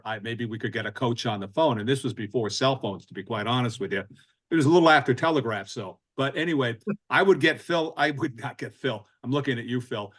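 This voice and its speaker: A man, of middle pitch, tells a dry-humored story from his radio days. He speaks casually with a wry edge. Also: a bit bright. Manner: wry anecdote telling. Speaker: former sports radio host. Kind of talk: casual podcast chat.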